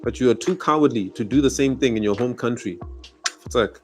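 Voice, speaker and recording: A man's voice: medium pitch, brisk, a little mellow, soft background music. A man from South Africa with a South African accent, delivering an angry, emphatic, accusatory monologue to camera and hammering his points with repetition. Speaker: commentary channel host. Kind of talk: heated monologue rant.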